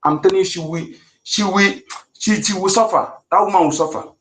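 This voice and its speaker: A man's voice: sits high, a little fast, fairly bright tone, reverberant, a little hiss or hum, rough recording. A man speaks heatedly to an online audio room. He repeats himself and restarts his sentences often. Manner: heated, repetitive, with many restarts and fillers. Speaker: participant in an online audio space. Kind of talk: impassioned speech to an online audience.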